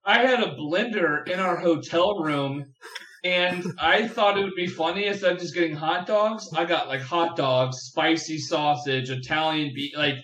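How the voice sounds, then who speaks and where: A young man with a high, bright voice tells a profane, rambling story as a podcast guest. He talks in animated bursts, packed with fillers. The sound is roomy and echoey. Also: normal speed. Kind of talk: casual storytelling chat.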